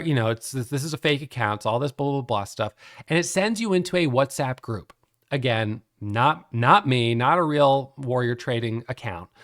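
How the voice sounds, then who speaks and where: A middle-aged man explaining a trading topic in a casual, animated way, laughing often as he tells the story. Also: on the high side. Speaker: day trading educator.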